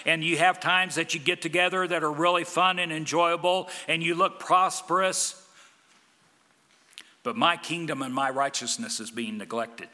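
A man preaching a sermon as a pastor, emphatic, with big swings from loud declarations to quiet, low lines. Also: fairly even intonation, normal speed, big-room sound.

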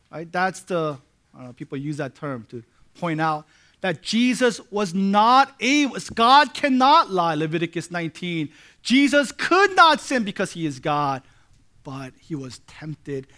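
A man preaching a sermon, conversational with "right?" check-ins, building to loud emphatic peaks. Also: high voice. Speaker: pastor.

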